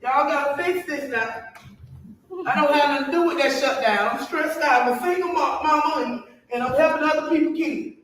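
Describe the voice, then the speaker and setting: Woman playing a worn-out older mama nagging about her stamps, real high, distant echoey clip. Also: brisk, a little hiss or hum, natural voice. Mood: fed up. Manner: exasperated, repetitive complaining. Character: weary older single mother demanding her food stamps. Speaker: comedian in a sketch.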